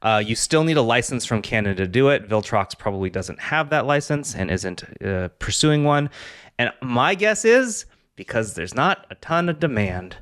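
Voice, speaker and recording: A man's voice: medium pitch, sing-song, normal speed, fairly bright tone, no echo, clean studio sound. A man hosting a podcast, reading out listener comments and answering them in a blunt, matter-of-fact way. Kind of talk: casual podcast chat.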